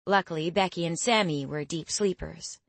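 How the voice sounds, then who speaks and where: Woman narrating an audiobook, low-pitched. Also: moderate pace, creaky, no room sound. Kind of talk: scripted first-person narration.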